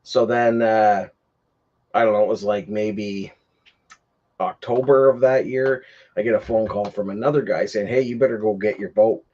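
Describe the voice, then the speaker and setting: A man with a low, husky voice chats casually on his own stream. He rambles, stops to restart himself and leans on fillers. The sound is a bit dull and lo-fi. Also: fairly even intonation, moderate pace, darkish tone. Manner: rambling, many fillers, gets heated retelling. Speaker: livestream host. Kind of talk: casual storytelling chat.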